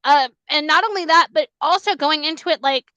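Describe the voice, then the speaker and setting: Female podcast host, emphatic and animated, high tense voice, dry close sound. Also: brisk, dry recording, poor audio. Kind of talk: casual podcast chat.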